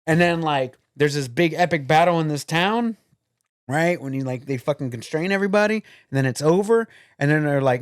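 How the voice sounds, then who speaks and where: A man's voice: fairly high pitch, normal speed, clear, resonant tone, no echo, studio quality. A man co-hosting a podcast in casual chat, rambling and swearing while he hunts for names. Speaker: podcast co-host.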